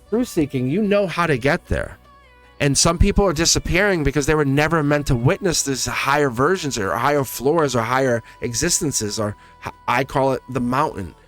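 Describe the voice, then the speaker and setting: A man's voice: mid-range voice, a bit bright. Rambling male tarot reader. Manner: rambling, repeats and restarts phrases, chuckles often. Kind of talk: casual tarot reading to camera.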